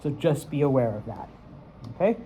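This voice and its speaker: A man's voice: medium pitch, big pitch swings, moderate pace, dark tone, slight background noise, low-quality recording. A man teaching a Spanish class, checking in with "okay?" after each point. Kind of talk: classroom lesson.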